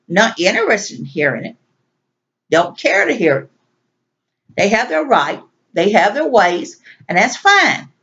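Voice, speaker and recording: A woman's voice: mid-range voice, fairly bright tone. Exasperated woman venting, lo-fi sound. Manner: exasperated, repetitive ranting. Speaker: vlogger. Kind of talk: venting monologue. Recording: dull lo-fi recording.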